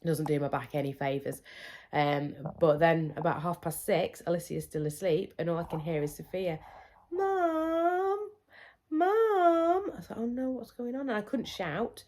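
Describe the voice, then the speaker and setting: A woman's voice: deep voice, steady tone, a little fast, darkish tone. A woman in her thirties chatting candidly to camera about her children's sleep, often acting out what they said. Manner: chatty, candid, acts out her kids' voices. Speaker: parenting vlogger. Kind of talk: casual chat to camera.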